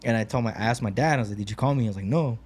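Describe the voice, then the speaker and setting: A man's voice: lowish voice, rapid-fire, a little mellow, husky. A man co-hosting a podcast, chatting casually and telling a story, peppering it with "like," "bro" and swearing. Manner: swears freely, lots of "like" and "bro". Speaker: podcast co-host.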